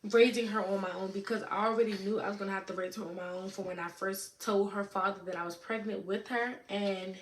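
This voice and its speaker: A young woman in her late teens chatting casually to camera, answering viewer questions in a relaxed way, with lots of "you know what I'm saying.". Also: mid-range voice, a little fast, hardly any pauses. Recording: echoey room with faint noise.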